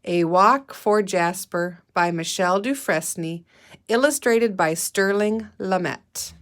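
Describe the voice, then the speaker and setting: A woman teacher leading a guided reading lesson for young children, patient and deliberate, prompting the class to say and spell words. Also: mid-range voice.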